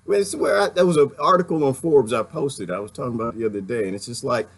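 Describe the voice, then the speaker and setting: A man's voice: medium pitch, quick pace, slightly rough. A man delivering a rambling, heated and sarcastic monologue as a video commentator, laughing now and then between points. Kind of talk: ranting monologue.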